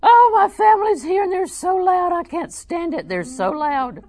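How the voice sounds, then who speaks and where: A woman's voice: very high voice, expressive, normal speed, darkish tone, voice pushed up. A woman voicing an elderly, small, hard-of-hearing aunt, talking in a fussy, complaining way. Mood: exasperated.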